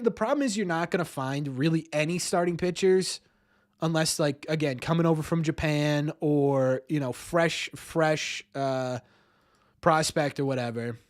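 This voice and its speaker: A man hosting a live-streamed sports talk show, rambling, repeating words and ending many lines with "right?". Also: on the high side. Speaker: podcast host.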